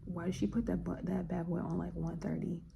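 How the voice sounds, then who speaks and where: Female vlogger, casual chat, flat delivery, faint background hiss. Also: fairly low pitch, brisk, vocal fry. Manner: relaxed, slangy, reflective talk.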